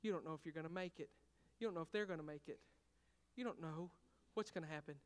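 Pastor guy preaching, high voice, goes from hushed to loud and back, asks the crowd questions, big echoey church hall. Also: quick pace. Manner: swings between hushed, intimate talk and loud, fervent preaching; calls out to the congregation with questions. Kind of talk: sermon. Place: church sanctuary. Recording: long reverb of a large hall.

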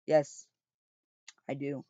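A man reading out a nervous young male writer who pleads, hesitant and flat, on a dry, slightly dull recording. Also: extremely slow, no echo. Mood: pleading.

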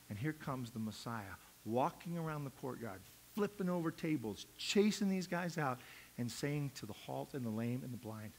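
A male pastor preaching a sermon, acting out quotes and swinging from hushed asides to loud, urgent lines. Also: mid-range voice, very animated, moderate pace.

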